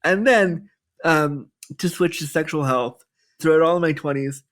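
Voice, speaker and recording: Male, 30s, podcast guest; candid, animated storyteller, higher-pitched voice. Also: a little slow. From Canada.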